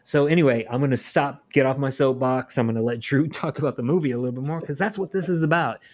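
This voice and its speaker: A man co-hosting a podcast, talking earnestly and at length, voice sinking quietly at the ends of thoughts. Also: medium pitch, fast. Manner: earnest, preachy, trails off quietly. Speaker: podcast co-host. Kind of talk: casual podcast discussion.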